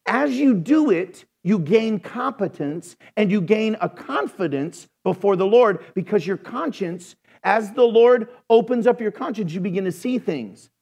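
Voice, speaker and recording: A man preaching a sermon as pastor, animated, telling folksy jokes between points. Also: sits high, unhurried, few pauses, husky.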